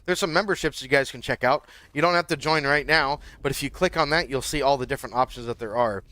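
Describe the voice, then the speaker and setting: A man's voice: mid-range voice, quick pace, pushed and bright, no room sound. A man hosting a game livestream, chatting loosely with lots of fillers and restarts. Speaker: livestream host. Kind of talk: casual livestream chat.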